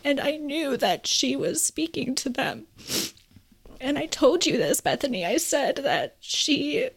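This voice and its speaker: A woman co-hosting a podcast, speaking earnestly and tearfully, pausing often as she shares a heartfelt story. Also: high voice, very animated, gravelly. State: crying. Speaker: podcast co-host.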